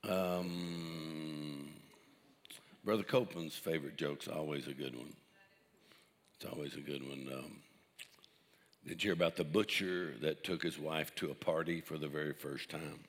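A man's voice: a bass voice, steady tone, unhurried, long pauses, big-room sound. An older male pastor preaching with jokes, chuckling at his own punchlines. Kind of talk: sermon with jokes.

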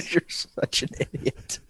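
A man co-hosting a podcast in casual chat, joking and teasing and laughing often. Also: no echo. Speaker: podcast co-host.

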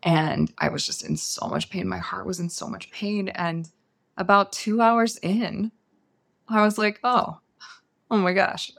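A woman, a guest on an interview show, telling a personal story in a soft, unhurried, earnest way. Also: medium pitch, gravelly.

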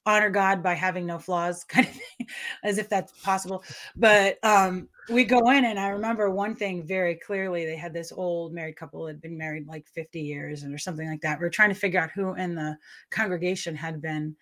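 A middle-aged woman, an author guest in an interview, telling her story in an excitable, rambling way with frequent laughter. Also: lowish voice, fairly quick. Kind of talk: conversational interview.

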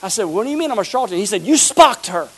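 A middle-aged man preaching a lively sermon as pastor of his church, acting out the people in his stories. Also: high-pitched, rapid-fire, husky, rough recording. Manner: animated preaching, acts out quoted people. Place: church sanctuary.

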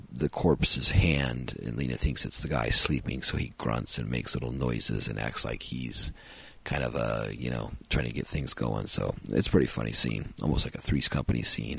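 A man's voice: extremely low pitch, gravelly, a bit bright, slightly rough, dry recording. A man hosting a podcast, reviewing a film in a rambling, casual way with frequent ums and uhs.

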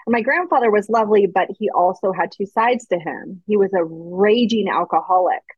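A woman's voice: mid-range voice, moderate pace, breathy edge, no room sound, dull audio. A woman guest speaking candidly and reflectively in an interview, sometimes acting out the voices of people in her stories. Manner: earnest, reflective storytelling, acts out quoted voices. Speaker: guest author.

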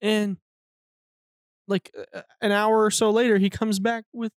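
A man's voice: high-pitched, little pitch movement, a little slow, no room sound, clean studio sound. A man co-hosting a podcast, chatting casually about a film with profane, rambling, laughing talk. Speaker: podcast co-host. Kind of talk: casual movie-review chat.

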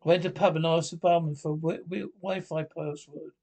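A man reading a string of pub jokes aloud, halting and restarting often. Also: a little high, fairly even intonation, warm tone. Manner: halting read with frequent restarts. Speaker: joke teller.

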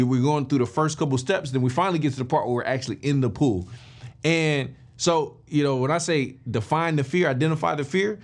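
A man hosting a podcast, telling a motivational story in an animated way and talking straight to his listeners. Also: a little high. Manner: animated, addresses listeners directly and informally; emphatic with frequent restarts and fillers. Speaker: podcast host.

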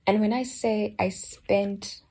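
A woman giving a slow, earnest personal reflection on a Bible book, often dropping to a soft near-whisper. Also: mid-range voice, steady tone, breathy edge. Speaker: Bible study speaker.

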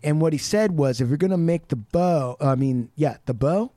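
Man, slightly high voice, rambling casual chat, swears a lot, dry close mic. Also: moderate pace, warm tone, dry recording. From Pacific Northwest US. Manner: rambling, profane, full of "like". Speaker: podcast guest.

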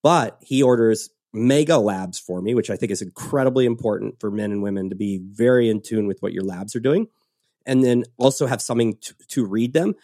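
A man hosting a casual podcast conversation, telling stories with lively acted-out quotes. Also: lowish voice, fairly quick, dry recording, studio quality. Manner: animated storytelling, acts out quotes. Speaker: podcast host.

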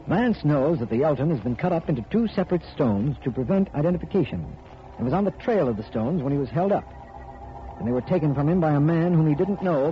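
A man playing a brisk district attorney. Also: a little high, a little hiss or hum, lightly acted. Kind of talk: 1940s radio acting. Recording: muffled old radio broadcast.

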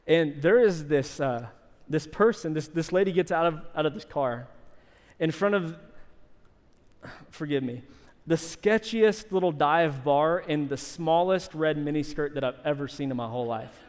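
A man preaching a sermon and telling a story with lively energy. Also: a little high, normal speed, long reverb tail. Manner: animated storytelling, shouting in acted quotes. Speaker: pastor.

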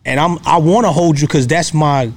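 A man's voice: on the high side, moderate pace. A man in his thirties, a guest telling a personal story in casual, earnest talk, often checking in with "you know what I mean".

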